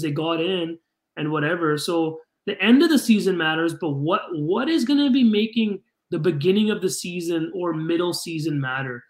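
High-voiced man, blunt sports talk. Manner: blunt, swears casually, emphatic. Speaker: podcast co-host. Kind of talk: casual sports chat.

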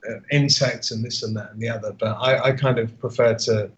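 A man of middle pitch talks through photography in a loose, rambling way, circling back and restarting his sentences. His voice sounds muffled and lo-fi, as over a remote call. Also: steady tone, a little fast. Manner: rambling, many restarts and fillers. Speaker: podcast co-host. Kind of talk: casual podcast chat about photography. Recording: dull lo-fi call audio.

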